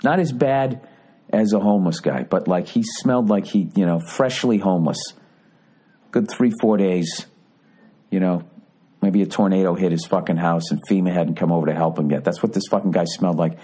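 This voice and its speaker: Low-voiced man ranting casually. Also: moderate pace, warm tone, slightly rough. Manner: profane, rambling, mock-indignant ranting. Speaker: podcast host. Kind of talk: casual comedic monologue.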